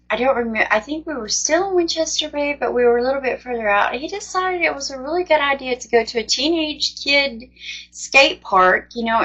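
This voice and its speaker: A woman's voice: on the high side, fairly bright tone. A woman candidly retelling a frightening personal experience in a conversational testimony style. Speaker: faith storyteller. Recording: dull lo-fi sound.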